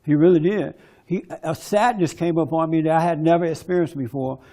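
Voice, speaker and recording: A man giving a forceful, preachy testimony talk at a men's conference. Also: on the high side, a little fast. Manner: preachy, forceful, mimics others in quoted bits.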